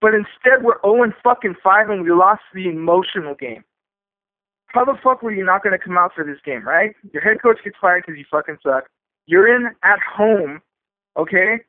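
A man's voice: high voice, expressive, normal speed, dry recording. Angry man ranting over a phone line. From El Centro, California. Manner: profane, frustrated, emphatic. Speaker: fan caller. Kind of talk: angry call-in rant.

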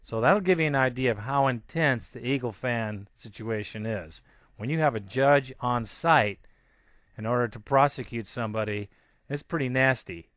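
A man's voice: mid-range voice, moderate pace, a bit bright, dry recording. A man hosting a sports podcast, ranting angrily and emphatically with lots of repetition. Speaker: podcast host. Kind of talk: fired-up sports podcast rant.

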